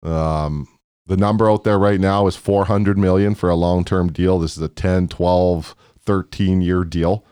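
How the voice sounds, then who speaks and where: A Canadian man co-hosting a casual sports chat, laid-back and musing, thinking aloud with many pauses. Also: low voice, fairly even intonation, a little mellow, clear, resonant tone, no echo, studio quality. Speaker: co-host.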